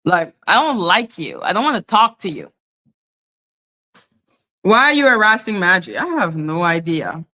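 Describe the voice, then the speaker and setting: Sharp-toned woman ranting on a livestream. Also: lowish voice, very animated, moderate pace, pauses often. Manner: blunt, profane, taunting. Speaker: livestream host. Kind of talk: confrontational live-stream rant.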